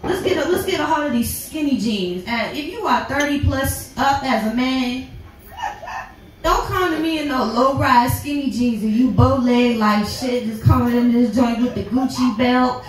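Brash young female stand-up comic, high voice, profane, giggly; heavy room echo from a distant mic, faint music. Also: normal speed, a little hiss or hum. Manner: brash, profane, laughing at her own jokes. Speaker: stand-up comedian. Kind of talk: stand-up comedy set. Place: comedy club stage. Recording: echoey club sound from a distance with faint music.

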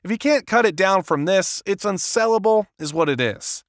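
A man voicing a gruff, sardonic middle-aged literary agent who talks in a brusque, clipped, sarcastic way, read as an audiobook character. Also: high voice, animated, normal speed, no echo, clean studio sound, voice pushed up.

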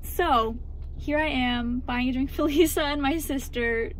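A woman's voice: high voice, unhurried. A young woman vlogging her day in a chatty, self-mocking way, sometimes dropping to a near whisper. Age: young adult. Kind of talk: casual vlog chat.

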